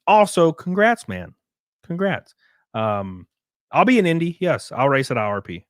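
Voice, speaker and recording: Animated, joking male livestreamer. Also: fairly high pitch, a little slow, no room sound, clean studio sound. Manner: joking, rambling, swears casually. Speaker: livestream host and race car driver. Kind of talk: casual livestream chat reading viewer comments.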